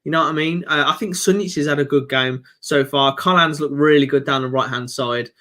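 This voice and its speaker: A man's voice: a little high, pushed and bright. A man with a Birmingham accent, co-hosting a football reaction stream in rambling, giggly casual chat. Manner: rambling, giggly, quick to laugh.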